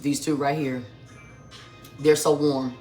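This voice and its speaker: Effusive home-kitchen cooking host chatting to a live audience, even mid-range voice, roomy echo, faint music behind. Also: medium pitch, takes it slowly. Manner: effusive, chatty, addresses viewers as y'all, talks with mouth full. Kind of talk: casual live-stream chat while tasting food.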